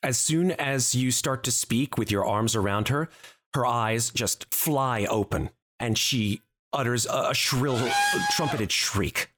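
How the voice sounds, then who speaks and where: A man's voice: medium pitch, takes it slowly, fairly bright tone. A man narrating a tabletop game as game master, descriptive and full of hedging asides.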